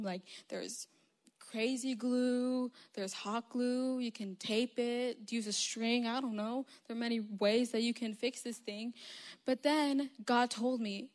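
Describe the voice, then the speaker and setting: A woman sharing a testimony at church, telling a story in a chatty, lively way. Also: a little high, a little slow. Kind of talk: informal church talk.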